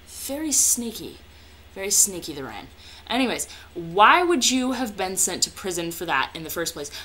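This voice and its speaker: A woman's voice: mid-range voice, sharp tone, slight background noise. A young woman chatting casually as a vlogger, answering viewer questions in a hyper, jokey way with plenty of swearing. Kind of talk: casual chat.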